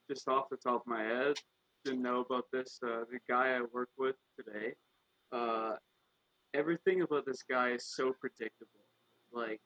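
A man's voice: medium pitch, sharp tone. A man appearing as a podcast guest, telling a wry, mildly annoyed story in casual chat. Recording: slightly dull, lo-fi mic.

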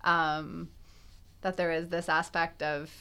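A young woman co-hosts a casual chat, her voice on the lower side. She thinks aloud, piling up fillers and restarting sentences as she works toward a point. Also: flat delivery, slow, sharp tone, clear, resonant tone. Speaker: podcast co-host.

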